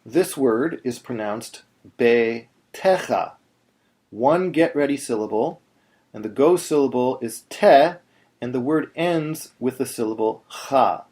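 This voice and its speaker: A man teaching Torah chanting in a video lesson, explaining step by step and chanting slow demonstrations. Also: mid-range voice, animated, darkish tone.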